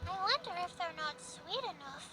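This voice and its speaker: A woman voicing a gentle, caring young girl who speaks in an advising, motherly way in a video game. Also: very high-pitched, lively intonation, moderate pace, heavy background noise.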